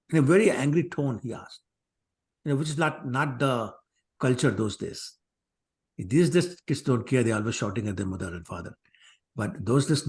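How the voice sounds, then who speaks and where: A man teaches a scripture class, telling its stories in a conversational, digressive style and acting out the quotes. His voice is medium-pitched with a darkish tone.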